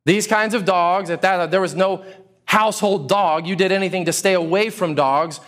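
A pastor preaching a sermon to a congregation, telling stories with acted-out exclamations. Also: male voice, high voice, normal speed. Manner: animated storytelling with acted-out exclamations.

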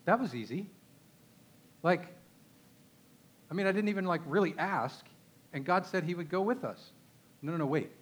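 A man with a Texan accent delivers a sermon in an easy, talking style. His voice sits slightly high, and he leans on key words and checks in with his listeners through quick questions. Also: lively intonation, husky. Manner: conversational, emphatic, asks the audience rhetorical questions. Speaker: pastor.

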